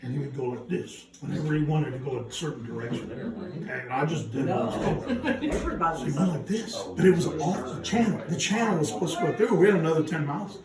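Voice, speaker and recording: A man giving a son-in-law's speech, telling a comic story in an animated way and laughing as he goes. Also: a little high, quick pace. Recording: echoey hall from far off with crowd.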